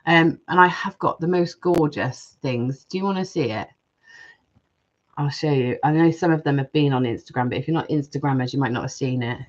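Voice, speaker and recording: A woman's voice: low voice, a little fast, muffled recording. A woman hosting a live jewellery-making stream, chatting casually and reading viewer comments aloud.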